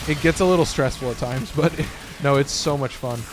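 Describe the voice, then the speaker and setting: A young gaming streamer comments casually while playing, rambling, swearing often and using lots of fillers, his voice cracking now and then. His mid-range voice runs a little fast over background music.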